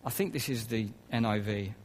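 A man's voice: fairly low pitch, fairly quick, a little hiss or hum, poor audio. Man preaching a chatty sermon. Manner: conversational, with soft laughs and asides.

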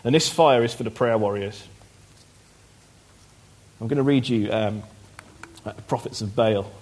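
A man preaching a sermon in a church, reading scripture aloud and speaking conversationally in between, growing louder and higher when he quotes the prophet. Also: measured pace. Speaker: pastor. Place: church hall.

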